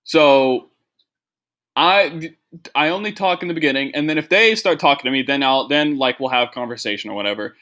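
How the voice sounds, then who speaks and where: Speaking at medium pitch and normal speed, a young man's voice sounds pushed and bright as he hosts a comedy podcast. He rambles through a casual monologue, putting himself down and saying "like" constantly.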